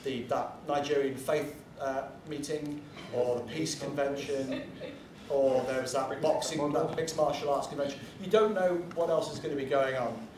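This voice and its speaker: A man's voice: mid-range voice, fairly even intonation, normal speed, darkish tone, slight background noise. A man giving a casual convention panel talk, chatty and blunt, drifting into asides and the odd swear word. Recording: echoey room from far off, faint ambience.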